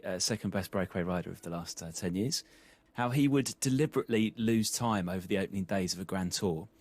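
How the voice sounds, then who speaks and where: A man's voice: fairly low pitch, darkish tone, no echo. A man hosting a podcast, recalling a race and putting curious questions to his guests. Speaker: podcast host. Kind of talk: casual podcast chat.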